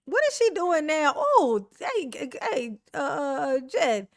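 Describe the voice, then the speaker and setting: A woman's voice: high voice, sing-song, slow, no room sound, clean studio sound. A woman hosting casual online commentary, chatty and slangy, laughing often and talking back to what she watches.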